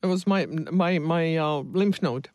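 A woman's voice: low-pitched, unhurried, darkish tone, dry recording, muffled recording. An older woman, a guest in an interview, who jokes playfully and laughs easily.

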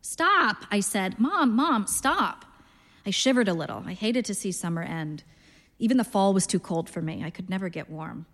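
A woman in her thirties reading a literary story aloud in a dry, deadpan first-person voice. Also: fairly low pitch, fairly quick, in a large hall. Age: 30s. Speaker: narrator, reader.

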